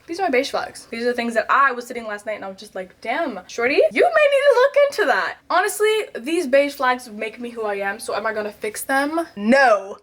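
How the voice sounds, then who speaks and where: A woman, telling candid stories about herself in a vlog, swinging between loud outbursts and quiet asides. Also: fairly high pitch, expressive, brisk, hardly any pauses. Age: 20s. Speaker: vlogger.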